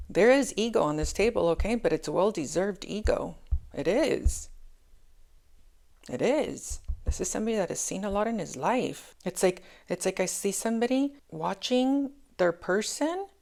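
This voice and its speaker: A woman's voice: mid-range voice, expressive, moderate pace, gravelly, darkish tone. A woman doing a casual, chatty tarot reading, often checking in with "okay?" and calling her listeners angels. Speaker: tarot reader.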